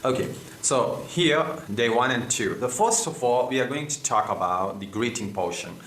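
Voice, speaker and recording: Echoey teacher, low voice. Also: male voice, moderate pace, fairly bright tone. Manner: repeats phrases, many "you know" fillers. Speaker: English teacher. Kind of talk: online spoken English lesson. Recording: echoey room.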